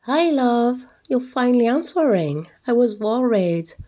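A man voicing a worried young woman in a high falsetto, in an audio role-play outtake. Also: very animated, unhurried, a little mellow, a little hiss or hum, full character voice.

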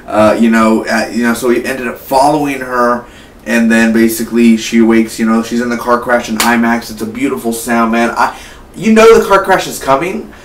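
An eighteen-year-old man giving a casual, rambling spoiler review of a film. He gets excited and keeps tossing in "man" and "like". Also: medium pitch, moderate pace. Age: late teens. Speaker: movie reviewer. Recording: echoey room, mic at a distance, faint hum.

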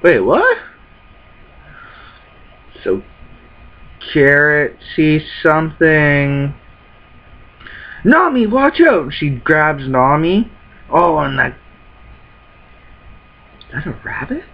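Slow-talking man reacting to a comic. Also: fairly high pitch, creaky. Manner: reads panels aloud, muttering asides. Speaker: YouTuber reacting to a manga. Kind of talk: casual live reaction reading. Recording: dull lo-fi recording.

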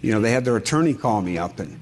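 A man's voice: fairly low pitch, animated, quick pace, a little mellow. Brief: middle-aged man, home inspector presenting a seminar, folksy storyteller, asks the room questions. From Wisconsin. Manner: folksy, asks the audience questions, tells anecdotes. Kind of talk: conversational seminar talk.

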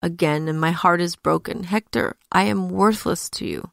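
A woman voicing a grieving young princess who pleads in despair through tears, in a low, gravelly voice. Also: normal speed, no room sound, clean studio sound. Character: grieving young princess, broken-hearted wife.

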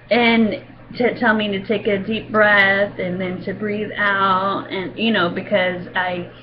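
A woman sharing a Christian testimony in a casual, rambling way, with many fillers and soft laughs. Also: medium pitch, muffled recording.

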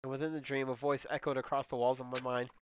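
A man's voice: medium pitch, little pitch movement, fast talker, a little hiss or hum. A man hosting a let's play, reading the game narration aloud with crude, jokey asides. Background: game music.

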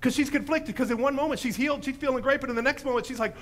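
A man preaching a sermon in a church, telling a story with lively animation and acting out the voices in it. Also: very high voice, racing. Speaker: pastor.

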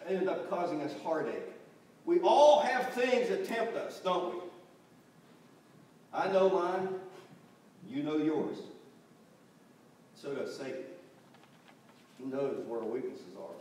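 A man's voice: a little high, animated, unhurried, pauses often, darkish tone. A man preaching a sermon in a church, telling stories animatedly and acting out the voices of the people in them. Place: church sanctuary. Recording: distant, very echoey church recording with faint noise.

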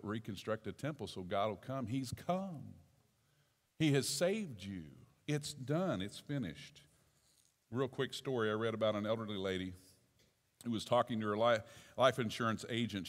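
Male pastor preaching in a reverberant sanctuary, lively delivery, soft asides and loud outbursts. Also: mid-range voice, moderate pace. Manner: animated preaching, swinging from soft asides to shouted exclamations. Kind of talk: sermon. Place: church sanctuary. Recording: long church reverb.

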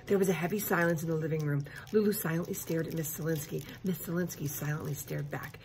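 A woman reading a children's book aloud expressively, pausing to explain the story to listeners. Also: low-pitched, fairly even intonation, vocal fry, darkish tone, slight background noise. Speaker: reader.

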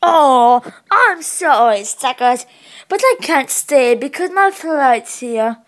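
A woman's voice: high voice, lively intonation, slow pace. A woman voicing a gloating evil villain in a homemade toy-brick movie, taunting the heroes and cackling.

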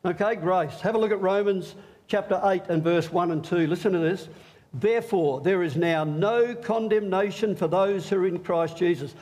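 A man's voice: high-pitched, normal speed. A middle-aged man preaching an Easter sermon in a church, joking and drawing the congregation in. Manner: animated, joking, talks with the congregation. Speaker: pastor.

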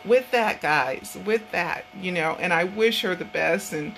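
A woman's voice: fairly low pitch, a little slow, a bit bright, slight background noise, rough recording. A woman hosting her own online show, talking casually from her home office in an earnest, rambling way, often repeating herself. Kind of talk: casual vlog talk.

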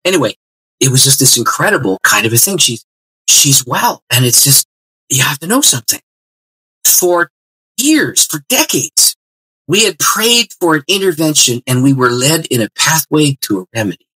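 Husky, bright-toned man telling his faith story. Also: a little high, moderate pace, no echo, rough recording. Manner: animated testimony with many restarts. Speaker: guest author. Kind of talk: interview storytelling.

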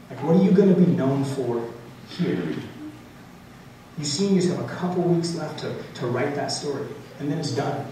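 Young man speaking in echoey school hall. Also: medium pitch. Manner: animated storytelling, frequent "like" fillers. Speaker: motivational speaker. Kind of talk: school assembly speech. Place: large school gym or auditorium. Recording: very echoey hall, distant, noisy.

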